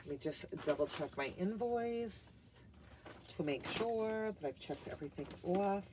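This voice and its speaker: A woman's voice: medium pitch, expressive, unhurried, background noise. A middle-aged woman chatting in a casual haul vlog, gushing and full of filler words, sometimes dropping to a whisper. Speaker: vlogger reviewing wax melts.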